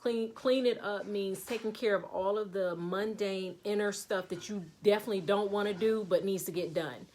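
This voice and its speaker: Animated woman card reader. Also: medium pitch, normal speed, few pauses. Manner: animated, addresses viewers directly. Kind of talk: casual chat on a live video.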